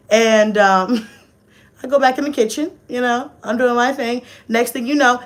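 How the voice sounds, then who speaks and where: Animated, swearing woman telling a story. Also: a little slow. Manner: expressive, swears freely, swings from low asides to shrieking and laughing. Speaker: vlogger. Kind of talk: casual storytelling to viewers.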